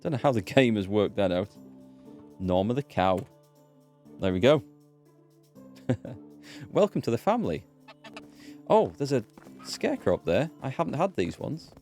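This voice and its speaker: A man's voice: on the low side, sing-song, normal speed, pauses often, darkish tone, faint music behind. A man with a North Yorkshire accent giving chatty live-stream commentary on a game and answering viewers' chat. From North Yorkshire, England. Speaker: let's play streamer.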